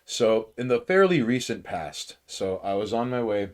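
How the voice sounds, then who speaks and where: A man co-hosting a casual podcast, excitable and swearing freely, often restarting his sentences. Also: fairly low pitch, normal speed. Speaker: podcast co-host. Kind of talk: casual chat.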